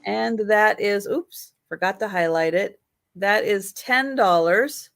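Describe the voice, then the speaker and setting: Female stream-sale host; slow, measured auction calls and item descriptions. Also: medium pitch, creaky, a bit bright. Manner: slow, patient, explaining items. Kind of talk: live-stream auction chat.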